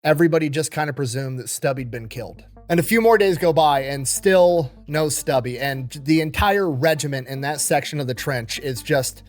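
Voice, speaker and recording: A man's voice: a little high, lively intonation, normal speed, hardly any pauses, soft background music. A man telling a history story in a casual, wry, profane way.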